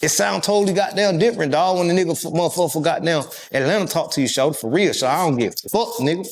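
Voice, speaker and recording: Interview guest, male, fairly high voice, profane animated storyteller. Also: fast talker, a little hiss or hum. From California. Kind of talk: casual storytelling.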